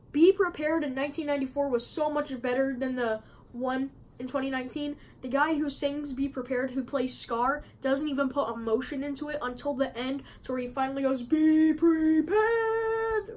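This woman's high voice holds a steady tone, fairly quick and a little mellow, though the recording is low quality. She chats loosely about movies for her review vlog, stumbling through fillers and restarts, away from her usual setup at a friend's house.

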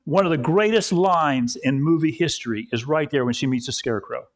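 A man preaches at a church service in a relaxed, storytelling way. His voice sits on the higher side for a man. He builds points by repeating phrases. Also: brisk. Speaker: pastor. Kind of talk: sermon.

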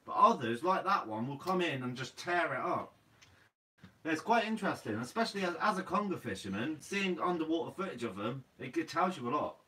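A man's voice: fairly high pitch, lively intonation, fairly quick, pushed and bright, recorded from a distance, low-quality recording. A young man from Guernsey with a Guernsey accent, hosting a fishing channel's live Q&A, reading out comments in a laid-back, slightly sleepy way and calling everyone "mate". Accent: Guernsey English.

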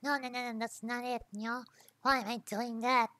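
A woman's voice: a little high, fairly even intonation, normal speed, pushed and bright. A woman streamer giving casual game commentary, thinking aloud as she tries things, swearing freely and tacking "yo" onto her lines.

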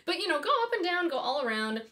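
A woman's voice: high-pitched, big pitch swings, quick pace, heavy background noise. A woman teaching singing in a casual, chatty way, thinking aloud and dropping in small asides as she explains. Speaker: voice and harp teacher. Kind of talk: casual instructional talk.

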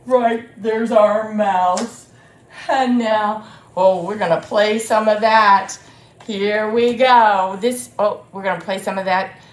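Woman, children's storytime leader, slow unhurried delivery, sing-song, roomy echo. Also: medium pitch. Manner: animated, sing-song, addresses children and grown-ups. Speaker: children's librarian. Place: library room.

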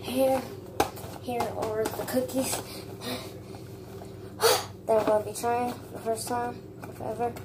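A woman's voice: on the high side, little pitch movement, normal speed, hardly any pauses. A woman chatting casually to her phone camera at home as a vlogger, calling her viewers y'all. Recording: loud background noise.

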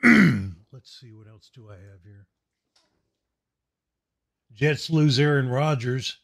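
A man hosting a casual talk show in a slow, easygoing way. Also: medium pitch, animated, creaky. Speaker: host. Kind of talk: casual chat.

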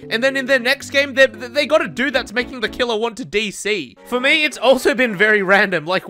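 A man giving excitable gameplay commentary, swearing often, laughing and shouting at the game. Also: high voice. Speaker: gaming video creator.

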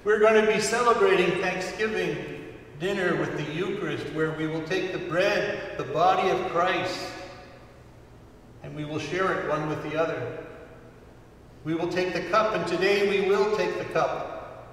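A man preaching a sermon as a priest to his congregation, earnest and unhurried, with emphatic rises on key words. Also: sits high, a bit bright, slight background noise. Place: church sanctuary. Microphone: distant room mic. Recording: far-off voice in echoey church hall.

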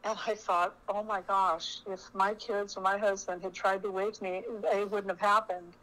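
A middle-aged woman telling a personal story in an earnest, halting way, often restarting her sentences. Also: medium pitch, little pitch movement, fairly bright tone, poor audio. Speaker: spiritual storyteller.

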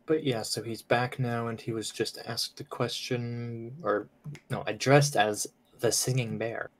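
Player at the table, mid-pitch, quick clarifying questions. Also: fairly even intonation. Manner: questioning, clarifying rules and scene. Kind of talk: casual tabletop chat.

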